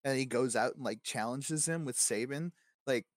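A man chatting about games on a podcast, talking in an animated, rambling way and swearing often. His voice sits at a middle pitch and the sound is dry and close. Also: normal speed, no echo. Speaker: podcast co-host. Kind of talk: casual gaming chat.

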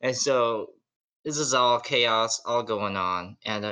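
A man's voice: mid-range voice, takes it slowly, bright, forceful tone, clear, resonant tone. A man narrating a tabletop role-playing game as its game master, loose and casual with lots of fillers.

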